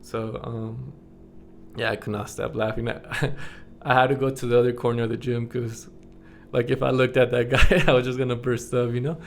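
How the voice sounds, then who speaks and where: Young man, casual vlog monologue, rambling with fillers, raspy-edged voice, even tone. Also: medium pitch, moderate pace, slight background noise. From United States. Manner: rambling, filler-heavy, chuckles often. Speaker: vlogger.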